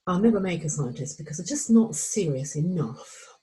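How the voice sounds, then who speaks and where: Excitable middle-aged woman coaching. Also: lowish voice, moderate pace, low-quality recording. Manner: animated, excitable, acts out inner voices. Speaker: menopause anxiety coach. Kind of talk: recorded course walkthrough.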